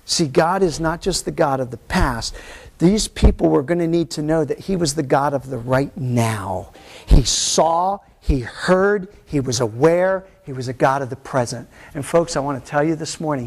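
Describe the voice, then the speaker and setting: A man pastor preaching a sermon in church with an animated, storytelling delivery. He keeps it conversational and jumps into the voices of the people and of God he describes. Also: medium pitch, normal speed, husky.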